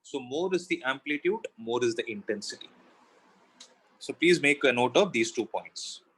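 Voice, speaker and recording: A man's voice: mid-range voice, expressive, normal speed, fairly bright tone, slightly rough, rough recording. A man teaching a physics class, explaining step by step and asking himself questions as he goes. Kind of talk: classroom lecture.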